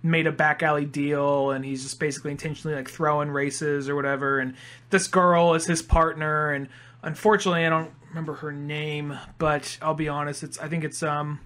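High bright-voiced young man. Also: flat delivery, fairly quick. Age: young adult. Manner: rambling movie recap acting out lines. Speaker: podcast co-host. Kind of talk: casual chat.

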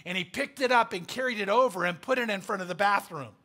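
A man's voice: high-pitched, quick pace, sharp tone. A man preaching a sermon, telling a story in an emphatic, conversational way with frequent fillers. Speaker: pastor.

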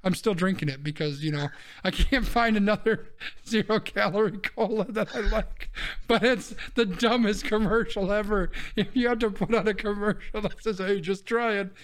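A podcast host speaks with a somewhat high voice in a loose, blunt way. He rants and swears freely as he leads the show. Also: moderate pace, fairly bright tone. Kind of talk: casual podcast chat.

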